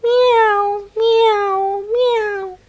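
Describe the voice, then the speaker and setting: A woman voicing a hungry little kitten in a read-along storybook, with a high, squeaky, mewing voice. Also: lively intonation, slow, lo-fi sound. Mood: sweet, pleading. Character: hungry little female kitten, sweet and meek.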